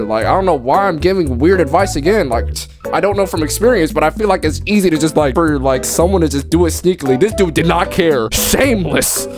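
A man giving live gameplay commentary on a horror game in casual slang. He is jumpy and excitable, and yelps when something startles him. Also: a little high. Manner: casual slang, calls the game bro and dog. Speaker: streamer playing a horror game. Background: game music.

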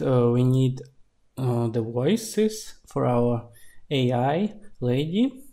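A man, an indie game developer, narrating a screen-recorded tutorial in a relaxed, explaining way. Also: mid-range voice, creaky.

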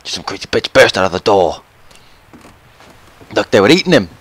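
A young man giving loud, profane let's play commentary, yelling and swearing at the game. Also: on the low side, big pitch swings, normal speed, slightly rough, dry recording. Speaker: gameplay commentator.

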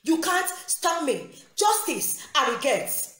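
A woman's voice: high-pitched, big pitch swings, takes it slowly, a bit bright. A Nigerian woman and mother in a heated, repetitive, confrontational rant. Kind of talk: angry direct-address rant. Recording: roomy echo with faint music.

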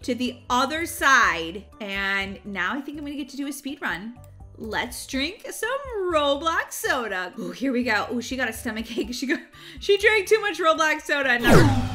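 Bubbly woman host narrating her gameplay, squealing sound effects, bright, animated. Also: sits high, unhurried, faint music behind. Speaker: gaming channel host. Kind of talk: excited Roblox gameplay commentary.

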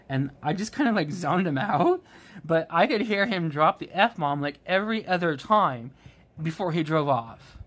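A man chatting casually about his work as a restaurant manager, rambling with many ums and restarts and getting animated when he quotes people. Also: on the high side, normal speed. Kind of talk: casual storytelling while crafting.

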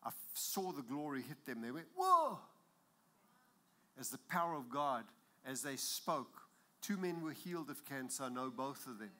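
A man preaching a sermon in a church, emphatic and building to loud exclamations. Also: medium pitch, moderate pace.

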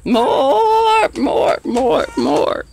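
A woman's voice: high voice, huge pitch swings, very slow, vocal fry, darkish tone, slight background noise, voice pushed up, full character voice. A woman voicing a greedy, clamoring flock of hens that shrilly squawk their demands.

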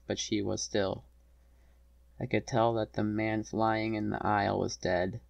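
Brief: male narrator, low and gravelly, earnest first-person storytelling. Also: little pitch movement, unhurried, dry recording.

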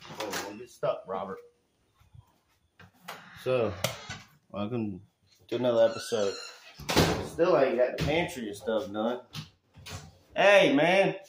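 A man from Alabama, vlogging casually about his renovation work with a rambling, folksy manner that swings into loud rants. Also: medium pitch, unhurried, pauses often, heavy background noise. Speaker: handyman vlogger. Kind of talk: casual vlog chat. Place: house under renovation, indoors. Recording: echoey room.

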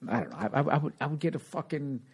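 A man's voice: a little high, big pitch swings, very fast, slightly rough. A man in his late forties hosting a podcast, telling stories in casual chat with constant swearing and emphatic rants. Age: 40s. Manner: profane, emphatic ranting. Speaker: podcast host.

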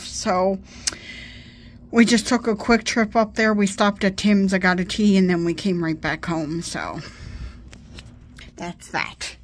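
A woman rambles casually through a home vlog at her desk. She sounds tired and keeps getting sidetracked, and her voice sits at an ordinary middle pitch for a woman. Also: slight background noise. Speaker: vlogger. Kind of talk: casual chat.

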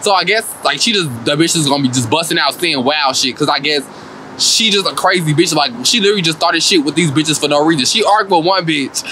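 Sassy guy going off about a reality show, high bright voice, cussing a lot and cracking up. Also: quick pace, slight background noise. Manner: animated, profane and sassy, laughing often. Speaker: vlogger. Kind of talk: comedic reality TV recap.

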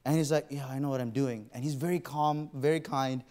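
A man's voice: medium pitch, fairly even intonation, fairly quick, mellow. A man preaching a sermon in a church, telling a personal story and acting out his own inner voice. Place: church auditorium.

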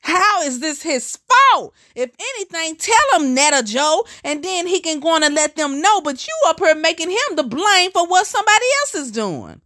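A woman's voice: very high-pitched, very animated, moderate pace, few pauses, pushed and bright. A woman giving teasing, mocking reaction commentary and talking straight to her viewers. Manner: sassy, teasing, talks to viewers as y'all.

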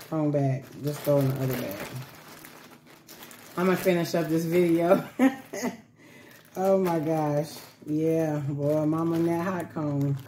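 Woman vlogger, chatty and repetitive, laughs easily; warm low voice, echoey home room. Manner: chatty, repeats herself, laughs often. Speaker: vlogger caring for baby dolls. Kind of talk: casual chat to camera. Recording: echoey room with faint background noise.

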